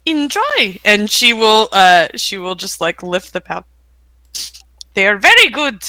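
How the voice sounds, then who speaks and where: Bright calm woman player. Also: mid-range voice, a little slow, dry recording, poor audio. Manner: calm, describes her character's actions. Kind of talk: tabletop role-play.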